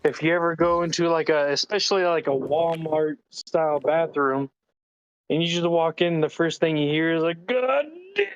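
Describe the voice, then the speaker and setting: A man's voice: a little high, little pitch movement, moderate pace, clean tone, dull audio. A man co-hosting a casual late-night podcast, laughing often and dropping short wry comebacks.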